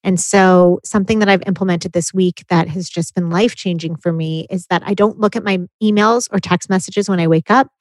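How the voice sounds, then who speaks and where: A woman in her thirties with a somewhat low voice talks earnestly and reflectively as a podcast co-host. The recording is close and dry, with no room sound. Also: steady tone, brisk, few pauses, dry recording, poor audio. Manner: earnest, reflective, speaks of parenting. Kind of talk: casual podcast chat.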